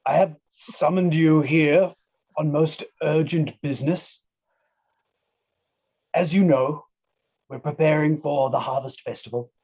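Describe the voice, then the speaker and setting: A scheming elderly halfling mayor, put on by a man, speaks in a mellow, slightly raised voice. He is fussy and self-serving, and he frets about his votes. He is a character in a tabletop role-playing game. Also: a little high, slow, pauses often, breathy edge, heavily acted. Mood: pompous.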